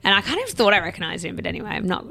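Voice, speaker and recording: A woman's voice: medium pitch, racing, gravelly. Giggly woman telling stories. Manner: giggly, animated storytelling with lots of "like". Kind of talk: casual chat.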